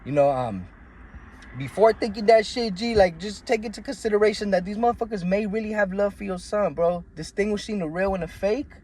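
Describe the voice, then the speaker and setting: Dude telling a street story, kinda high voice, cussing and saying "G" every other line. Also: male voice, brisk, warm tone, slight background noise. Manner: slangy and profane, calls listeners "G" and "bro"; acts out the quoted voices in a much higher pitch. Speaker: vlogger telling a life story. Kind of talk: casual storytelling.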